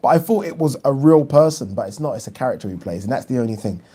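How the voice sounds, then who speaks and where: A man with a mellow, warm voice and a medium pitch, talking casually as he hosts a live stream about boxing. He is opinionated and chatty, often pausing on an "um" or repeating a word before he makes his point. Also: expressive, slightly rough. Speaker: boxing channel host. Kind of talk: casual live-stream chat, reading viewer questions.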